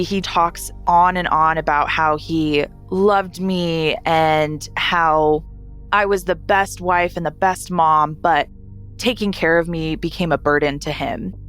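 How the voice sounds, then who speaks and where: A woman's voice: low voice, a bit bright. A young woman frankly telling her own story as a podcast guest, blunt and swearing freely. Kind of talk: candid first-person storytelling.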